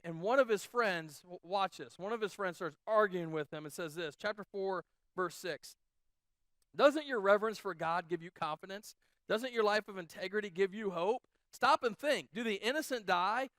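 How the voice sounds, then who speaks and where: A high-pitched man preaching from the pulpit, chatty and playful with his congregation. His voice is very dry and close, with almost no room sound around it, and he swings between soft asides and loud mock outbursts. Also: no echo. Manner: conversational, joking asides with the congregation. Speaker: pastor. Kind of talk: sermon.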